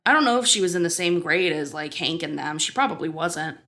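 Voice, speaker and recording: A woman's voice: low-pitched, animated, fairly quick, sharp tone. A woman in her thirties co-hosting a podcast, chatting casually as she retells an episode, swearing freely and acting out the characters' lines. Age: 30s. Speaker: podcast co-host. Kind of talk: casual chat recapping an episode.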